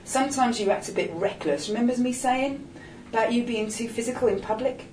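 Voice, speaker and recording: A woman's voice: a little high, fairly quick, a little mellow, a little hiss or hum, pitched above the performer's own voice, close to an everyday voice. A woman voicing a streetwise older man, cheeky, coaxing and full of slang, in a storybook reading. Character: streetwise older gay man, wry and bossy. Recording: roomy echo, distant mic.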